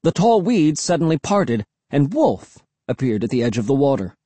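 A man reads a children's scary story aloud, with expressive storytelling. His voice is husky, moves lively in pitch, and sounds dry and close. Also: normal speed, no room sound. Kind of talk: audiobook narration.

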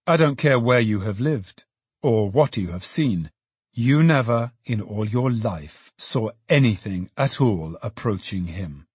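A man narrating a classic novel in an expressive storytelling manner. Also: mid-range voice, husky, no room sound. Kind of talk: audiobook narration.

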